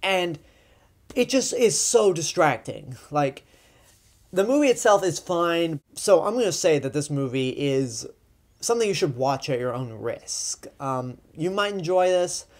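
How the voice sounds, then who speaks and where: A man's voice: a little high, lively intonation, a little slow. Chatty man reviewing movies. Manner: chatty and opinionated, with frequent ums and likes. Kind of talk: casual spoken movie reviews.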